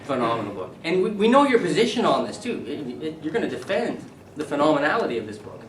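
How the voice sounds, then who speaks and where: A middle-aged man, a university English professor, leading a classroom seminar, animated and quizzing his students. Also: fairly high pitch, fast talker, slight background noise. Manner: animated, asks the class questions and repeats their answers. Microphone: camera at a distance. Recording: echoey room, voice from far off.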